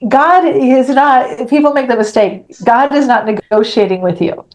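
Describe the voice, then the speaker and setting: Middle-aged woman guest on a podcast, frank and lively, voices each line of her story as she tells it. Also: high-pitched, moderate pace, rough recording. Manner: animated, acts out dialogue, frank and blunt. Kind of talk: personal storytelling in an interview.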